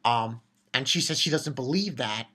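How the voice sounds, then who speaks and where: Woman with a low voice, a loose and excitable recap host who swears and restarts her sentences. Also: moderate pace. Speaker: anime reviewer. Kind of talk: casual episode recap.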